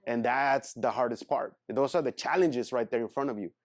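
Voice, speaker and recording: A man's voice: medium pitch, moderate pace. A man in his thirties giving a casual motivational talk as a guest speaker, earnest and rambling, often calling people "man".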